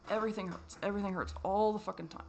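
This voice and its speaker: A tired man rambling in a personal vlog, swearing a lot and drifting between normal talk and low mutters. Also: fairly even intonation, racing, gravelly, slight background noise. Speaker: vlogger.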